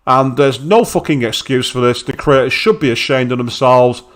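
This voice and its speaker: A man's voice: medium pitch, moderate pace. A man, streaming a game live and speaking bluntly with heavy swearing and open anger. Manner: angry, blunt, swears heavily. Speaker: let's play streamer.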